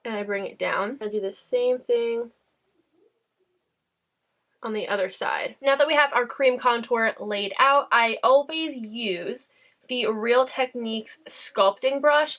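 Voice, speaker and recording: A woman's voice: fairly high pitch, fairly bright tone. A young woman chatting bubbly to camera as she walks through her makeup tutorial at home. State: out of breath. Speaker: beauty vlogger. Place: bathroom at home.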